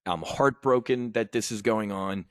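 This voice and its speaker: Speaking a little slowly in a lowish voice, a middle-aged American trading teacher lets loose an angry, emotional rant at his audience. He swears and restarts his sentences clumsily, and the recording is dry with studio quality.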